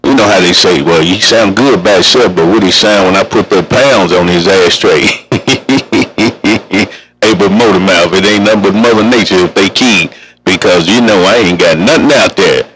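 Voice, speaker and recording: A man's voice: sits low, moderate pace, a bit bright, poor audio. Folksy man on CB radio. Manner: folksy, drawling radio banter. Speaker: CB radio operator. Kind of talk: casual radio chat. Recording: heard over CB radio.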